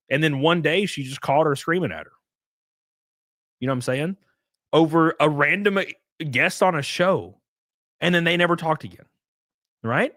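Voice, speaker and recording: A man's voice: a little high, a bit bright, dry recording, clean studio sound. A man live-streaming, chatting casually with his viewers, swearing, laughing and thanking them as he goes.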